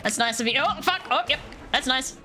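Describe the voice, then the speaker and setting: A woman streamer giving live gameplay commentary, excitable and foul-mouthed, often talking straight to the characters in the game. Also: high voice, brisk. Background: faint game music.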